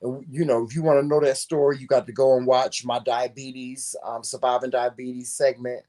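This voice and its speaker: A man co-hosting a casual talk show, telling a personal story in an animated, profane and emphatic way. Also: mid-range voice, moderate pace.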